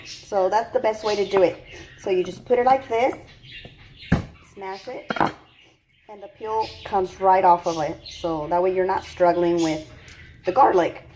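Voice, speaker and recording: A woman's voice: medium pitch, steady tone, measured pace, pauses often, a little mellow, a little hiss or hum. A woman chatting her way through a home cooking tutorial in her kitchen, rambling with lots of fillers and self-corrections, teary from cutting onions. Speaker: cooking vlogger.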